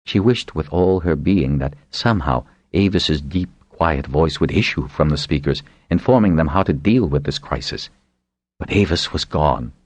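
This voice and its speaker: Male audiobook narrator, low and lively, dry sound. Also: moderate pace, no echo. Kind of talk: scripted narration.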